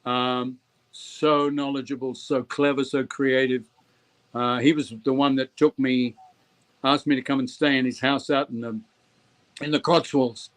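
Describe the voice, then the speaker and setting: A man's voice: mid-range voice, measured pace. An older man spins stories in an interview with an easy, mid-range voice. He slips into the voices of the people he quotes as he tells them. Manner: animated storyteller who acts out quoted voices. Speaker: guest actor. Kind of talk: anecdotal interview storytelling.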